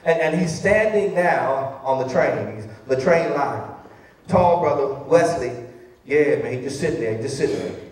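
A man preaching a sermon as a pastor, shifting between loud exclamations and soft, conversational asides. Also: mid-range voice, lively intonation, normal speed. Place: large church sanctuary. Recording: very echoey hall, voice heard from a distance.

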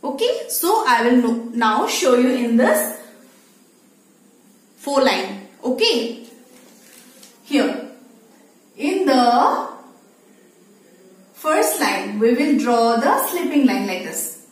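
A woman teacher leads a phonics lesson for young children in a high, lively voice. She speaks slowly and repeats herself, checking in often. The room is very echoey. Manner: slow, sing-song, repeats and checks with "okay?".

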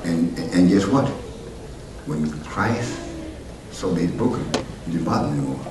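Deep-voiced preaching pastor in echoey church. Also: male voice, normal speed. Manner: animated preaching, rising to loud exhortation then dropping low. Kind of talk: sermon. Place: church sanctuary. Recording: echoey church heard from a distance with noise.

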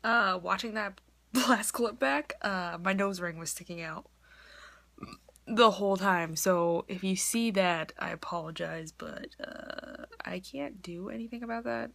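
A woman's voice: medium pitch, unhurried, gravelly, a bit bright. A young woman vlogging casually about her day, talking in a chatty way with lots of filler words. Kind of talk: casual vlog chat.

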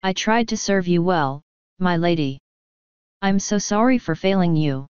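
Woman reading as a meek loyal servant gal, low smooth voice, kinda muffled. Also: lively intonation, measured pace, darkish tone, no room sound. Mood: apologetic. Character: loyal, fearful female servant.

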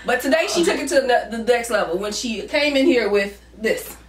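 A woman's voice: fairly high pitch, animated, a little fast, slight background noise. A woman co-hosting a couple's vlog, chatting casually and teasing her partner while talking to the viewers. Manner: playful, teasing, talks to viewers as y'all. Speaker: co-host of a couple's channel. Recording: echoey room, mic at a distance.

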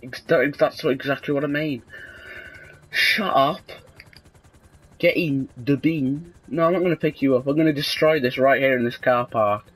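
A young man with a sarcastic, deadpan manner, casually commentating a video game and breaking into sudden excited yelps. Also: medium pitch, fairly quick, few pauses, breathy edge, poor audio. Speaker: gaming video host.

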